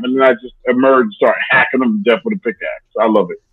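A man's voice: mid-range voice, steady tone, quick pace, breathy edge. A man guest on an interview, talking in a playful, rambling way and fond of joking nicknames. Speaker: musician guest. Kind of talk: casual interview chat. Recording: dull lo-fi sound.

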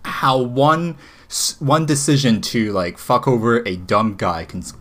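A man co-hosting a podcast in casual chat. He talks excitably and rambles, with frequent restarts. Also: mid-range voice, a little slow. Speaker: podcast co-host.

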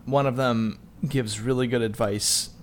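A man's voice: mid-range voice, steady tone, unhurried, slight background noise. Male podcast co-host, casual storyteller, easy laughs. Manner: storytelling, laughs often, trailing off quietly. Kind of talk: casual chat.

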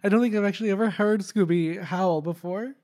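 Video host, casual movie reaction, emotional, exclaiming, talks to viewers, middle pitch. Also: brisk, warm tone.

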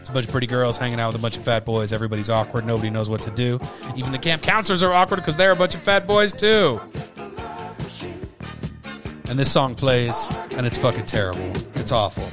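A man's voice: medium pitch, lively intonation, fast, music in the background. A tipsy man hosting a solo podcast, rambling loosely and swearing, often cutting himself off. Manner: loose, profane, self-interrupting. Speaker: podcast host.

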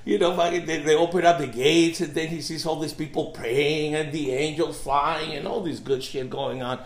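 A man's voice: a little high, fairly even intonation, normal speed. A man chatting casually on a podcast and telling stories with lots of swearing, heard in a roomy room. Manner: profane storyteller. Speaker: podcast regular. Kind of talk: casual chat.

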